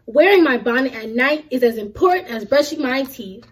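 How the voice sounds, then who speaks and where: Reading a children's picture book aloud, a young adult university student uses a friendly, husky voice that sits high, with lively intonation and a moderate pace. The recording quality is low.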